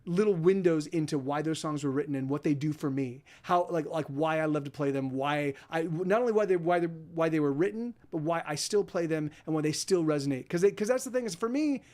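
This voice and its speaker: Male podcast host, high voice, rambling storyteller who swears a lot, casual stream chat. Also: brisk, few pauses, darkish tone.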